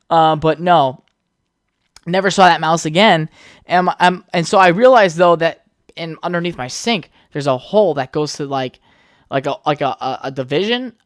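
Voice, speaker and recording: A young adult podcast host tells a loose, meandering story on their own, cursing freely and drifting into side remarks. The voice sits at a mid pitch and is recorded close and dry, with no room sound around it. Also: moderate pace, pauses often, dry recording. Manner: rambling, heavy swearing, chatty asides. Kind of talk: casual solo podcast storytelling.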